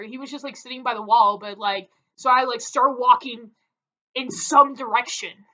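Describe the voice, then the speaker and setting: Chatty young woman, high voice. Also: moderate pace, dull audio. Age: young adult. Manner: chatty, filler-heavy, animated. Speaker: vlogger. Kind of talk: casual storytelling.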